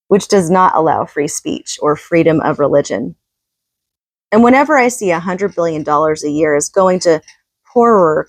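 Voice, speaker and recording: Woman reader-commentator, low-ish voice, conversational, opinionated, dry sound. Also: no room sound. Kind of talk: casual commentary on a book reading.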